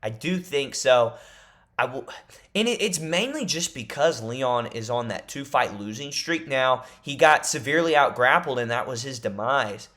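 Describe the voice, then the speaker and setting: A man in his casual fight-prediction vlog speaks in an ordinary mid-range voice. He rambles with a fan's excitement. He also keeps up a tongue-in-cheek act that his invented inside news is genuine. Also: mid-range voice, normal speed. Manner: jokingly insists his made-up leaks are real. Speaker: MMA YouTuber.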